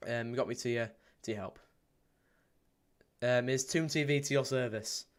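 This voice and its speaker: A man hosts a live watchalong stream in a clear, resonant voice of middling pitch. He rambles casually between viewer comments and match play-by-play, dotted with ums and restarts. When the chances come, he rushes into quick, excited calls. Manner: bursts into excited play-by-play at goals.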